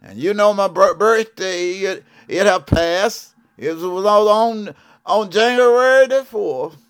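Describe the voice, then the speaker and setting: A Southern-accented televangelist prophet from Georgia, in his seventies, makes a fervent appeal from a broadcast studio. His high voice is slow, a bit bright, clear and resonant, and he preaches, keeps repeating "what I'm saying," and calls out "yes ma'am, yes sir" to listeners.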